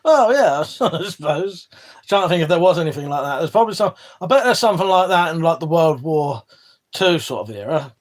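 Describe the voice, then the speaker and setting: An English man with a fairly high voice hosts a casual livestream from an indoor room with a wall of weapons behind him. He reads the chat and talks loosely with viewers at a fairly quick clip, his intonation lively. He swears freely, rambles, interrupts himself, and lets sentences trail off.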